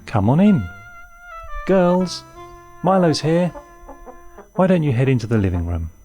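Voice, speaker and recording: A man voicing a cheerful, welcoming woman in a storybook, speaking brightly and hospitably. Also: on the high side, very animated, a little slow, soft background music, voice pushed up.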